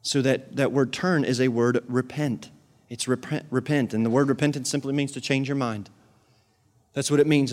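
A man preaching a sermon, asking the congregation direct questions and swinging from loud emphatic peaks to quiet earnest asides. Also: medium pitch. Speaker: pastor.

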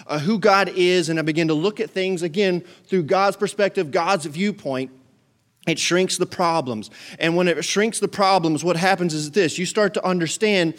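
A male pastor, preaching a sermon in a church service with call and response and fervent emphasis. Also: on the high side.

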